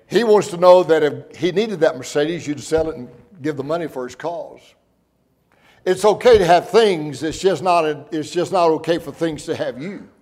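Earnest, high-voiced male preacher. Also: a little mellow. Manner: earnest, emotional storytelling, slowing for emphasis. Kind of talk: sermon.

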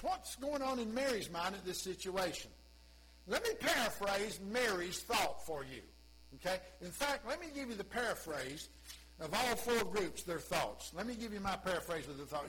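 A man's voice: high-pitched, a bit bright, husky, rough recording. A male pastor preaching a sermon in a folksy, conversational way with humorous asides.

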